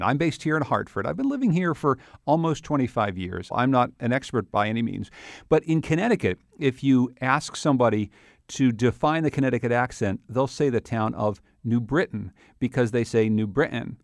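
A man's voice: mid-range voice, creaky, no echo, studio quality. A man hosting a radio interview, asking curious, conversational questions. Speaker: radio host.

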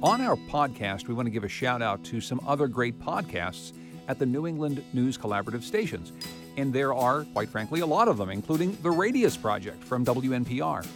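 A man's voice: mid-range voice, very animated, fairly quick, over music. A man hosting a public radio show, reading promos and introductions in a polished, scripted delivery.

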